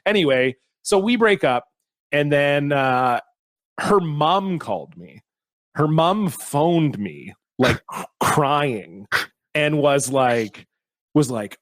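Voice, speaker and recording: A man's voice: a little high, lively intonation, slow pace, no room sound. A man co-hosting a podcast, telling a rambling story in casual chat, swearing often and restarting his sentences. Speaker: podcast co-host.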